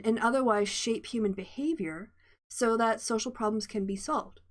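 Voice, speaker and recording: A woman hosting a casual lecture, reading from a textbook with many chatty asides and restarts. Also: mid-range voice. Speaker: host.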